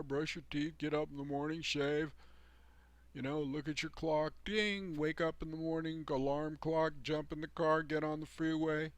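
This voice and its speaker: A man's voice: fairly high pitch, a bit bright, no room sound. A man hosting his own channel, delivering a rambling, preachy monologue in an emphatic, folksy way with sarcastic asides. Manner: emphatic and folksy, heavy on "you know" and "man". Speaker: channel host giving life advice.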